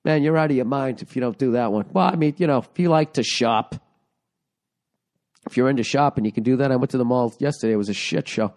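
A man hosting a solo comedy podcast, hoarse from a cold, rambling and swearing sarcastically. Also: mid-range voice, fast, a little mellow. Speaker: podcast host.

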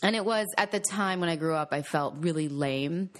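A woman from Long Island, a TV news anchor, chatting as a guest in an interview and telling animated stories that jump up in pitch when she laughs. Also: moderate pace. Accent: General American, faint Long Island. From Long Island, New York. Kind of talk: casual interview chat.

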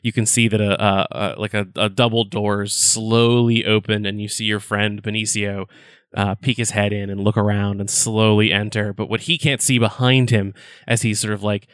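A man narrating a tabletop game as game master, describing scenes in a halting way with lots of fillers. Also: lowish voice, level tone, fairly bright tone, smooth, no echo.

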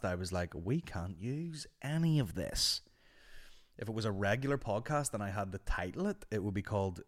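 A young man with a slightly low voice hosts his podcast. He tells a rambling anecdote in a casual, lively, profane way. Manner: animated, sweary anecdote-telling. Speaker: podcast host. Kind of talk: casual storytelling monologue.

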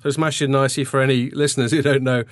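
A man's voice: medium pitch, level tone, fast, no echo, clean studio sound. Chatty podcast host, man. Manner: chatty, jokey, trailing off. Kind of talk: casual chat.

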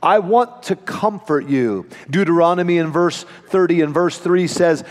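A man preaching a sermon from scripture as pastor, with an emphatic delivery that slows and stresses key phrases. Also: high voice, darkish tone, long reverb tail.

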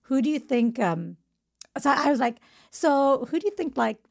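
A woman with a husky, gravelly voice tells a story on a podcast, stopping to restart and laughing as she goes. Her pitch swings widely and sits a bit high. She is a comedian chatting casually with the host. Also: lively intonation, normal speed, a little mellow. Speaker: comedian guest.

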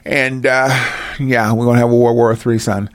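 A man voicing a cold older male leader who calmly gives clipped orders in a skit. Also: medium pitch, normal speed, no echo, pitched below the performer's own voice, lightly acted. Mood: cold, commanding.

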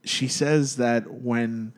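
A man's voice: medium pitch, fairly even intonation, very slow. Rambling, profane young man telling a story. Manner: rambling and profane, peppered with "dude" and restarts. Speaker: storyteller among friends. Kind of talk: casual chat, telling a spooky story.

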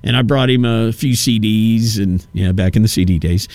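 A man's voice: on the low side, moderate pace, darkish tone, dry recording. A man hosting a radio talk show, rambling through stories and acting out quotes in a casual monologue. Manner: rambling, storytelling with acted-out quotes.

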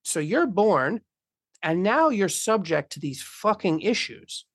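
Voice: mid-range voice, big pitch swings, slow pace, slightly rough, dry recording. Blunt, swearing speaker, dry close sound. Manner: blunt, profane and philosophical, acts out imagined voices. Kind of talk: casual conversation.

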